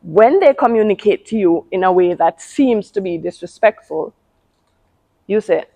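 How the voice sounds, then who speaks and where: A woman's voice: mid-range voice, expressive, normal speed, mellow. A woman hosting a casual talk on parenting, speaking emphatically and often repeating words. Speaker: parenting channel host.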